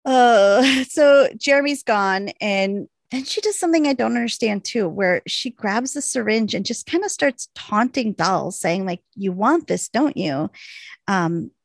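A woman talks through a TV episode with a co-host in a relaxed, chatty way, voice carrying a little vocal fry. She jumps into quick impressions of the characters and laughs easily. The sound is dry and close, with little room around it. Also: fairly high pitch, no room sound. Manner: animated, laughs often, acts out quotes. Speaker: podcast co-host recapping a TV episode. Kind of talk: casual chat.

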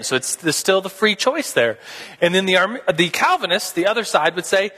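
Man, Sunday school teacher, playful, acts out both sides, bright tense voice, swooping pitch. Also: big pitch swings, moderate pace, in a large hall. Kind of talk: casual teaching talk.

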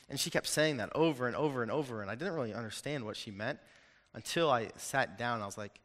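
A young man giving a sermon in a casual, animated way, joking with his listeners. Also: medium pitch, fast talker. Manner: animated, conversational, jokes with the audience. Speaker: preacher. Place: hall with an audience. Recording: long hall reverb.

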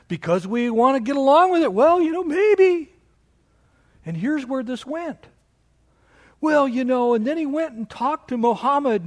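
A man preaching a sermon as pastor of his church, with animated delivery that mocks objections in a raised voice. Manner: animated preaching, mocking quoted objections in a higher voice.

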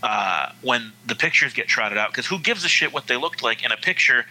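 A man's voice: mid-range voice, lively intonation, a little fast, pushed and bright, low-quality recording. A man in a casual panel discussion, making his points emphatically and swearing freely.

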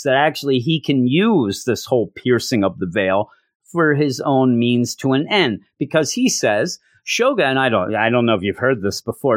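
A man's voice: medium pitch, no echo. Guy ranting sarcastically about a comic, stumbles over words a lot, dry close mic. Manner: sarcastic, rambling, stammering restarts. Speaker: comic book podcast host. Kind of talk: casual comic recap and commentary.

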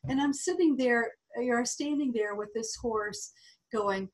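A woman's voice: on the high side, unhurried. Chatty woman telling a story. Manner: chatty, with frequent "um" fillers. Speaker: guest, animal communicator. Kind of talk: anecdotal storytelling in an interview.

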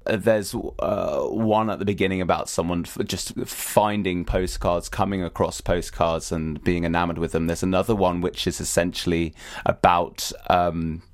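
Hoarse guy with a lowish voice, podcast cohost rambling happily, dry close mic. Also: fairly even intonation, normal speed, hardly any pauses, no room sound. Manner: enthusiastic, rambling, giggly. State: hoarse from singing. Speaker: podcast co-host. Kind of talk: casual podcast chat.

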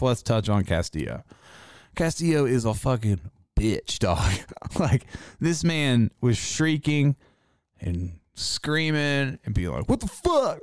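A man's voice: medium pitch, clear, resonant tone, dry recording, studio quality. A man in his forties telling rambling, profane stories in casual chat. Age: 40s. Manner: profane, rambling storytelling with laughs.

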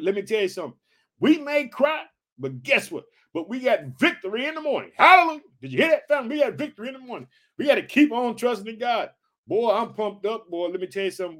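A man with a notably high voice for his sex reads scripture aloud, then breaks into fervent sermon commentary. He swings between loud exclamations and soft, hushed asides. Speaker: preacher. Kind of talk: Bible reading with fervent commentary.

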